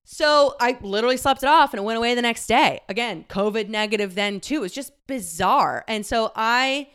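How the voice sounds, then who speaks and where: A young woman with a clear, smooth voice sits a little high and tells a personal story in a candid, emotional way. She laughs often and swears casually, and she sounds close to tears. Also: fairly quick, a bit bright.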